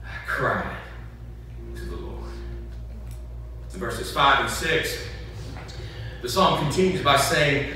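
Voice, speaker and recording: A man preaching a sermon as pastor, moving from conversational talk to passionate shouting and asking the congregation questions. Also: mid-range voice, takes it slowly, pauses often, a little hiss or hum. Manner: animated, rhetorical questions to congregation. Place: church sanctuary. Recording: echoey church hall from far off.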